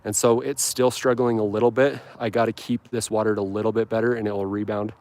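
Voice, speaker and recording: A man's voice: fairly low pitch, flat delivery, fast, darkish tone. A man hosting a casual lawn care live stream, rambling and upbeat with frequent ums and restarts, outdoors on his lawn. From Utah. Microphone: handheld phone camera.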